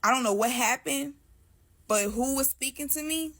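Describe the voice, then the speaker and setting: A woman's voice: sits high, moderate pace, a bit bright. A woman as a guest, casually telling her own story in loose, slangy speech and often addressing listeners as "y'all".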